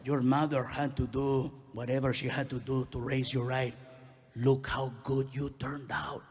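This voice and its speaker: A man playing his calm older father, who speaks softly and slowly in a lower voice. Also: close to an everyday voice. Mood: placid. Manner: soft, low and unhurried. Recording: live hall with faint noise.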